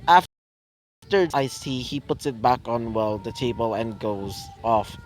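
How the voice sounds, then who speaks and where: A man's voice: mid-range voice, takes it slowly, soft background music. A young man narrating an improvised fan story, rambling and full of fillers. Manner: rambling, filler-heavy, many "well"s and "like"s.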